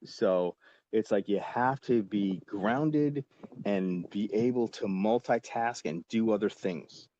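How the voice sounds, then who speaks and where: A podcast guest in his forties, with a lowish, mellow voice, slowly rambles through a story full of fillers and casual swearing. The lo-fi audio is dry and slightly dull, with a little hiss or hum.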